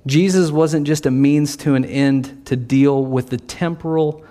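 A man's voice: a little high, steady tone, a little slow, mellow. A man preaching a sermon in a conversational way, sometimes acting out the voices of the people in his story. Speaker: pastor.

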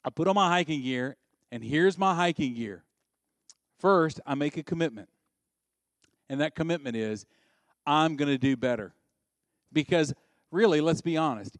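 A man preaching a sermon in a conversational way, asking the listeners questions and swinging from loud, high bursts to quiet, low passages. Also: normal speed, no room sound. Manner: conversational, asks the audience questions.

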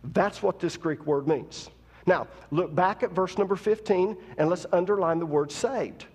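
High-voiced preaching man in a hall. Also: measured pace, a little mellow, breathy edge. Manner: conversational teaching, rising to emphatic preaching. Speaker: pastor. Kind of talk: sermon. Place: church.

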